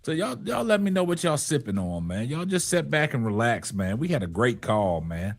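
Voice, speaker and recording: Man, forties, live show host, casual late-night chat, lively pitch, laid-back, faint background music. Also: normal speed. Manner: laid-back, repeats "man" after lines.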